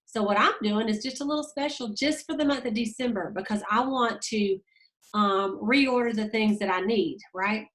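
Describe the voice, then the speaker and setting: A woman, leading a sales team and giving a casual, fast, chatty training talk aimed straight at her listeners. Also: on the high side, fairly bright tone. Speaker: direct sales team leader.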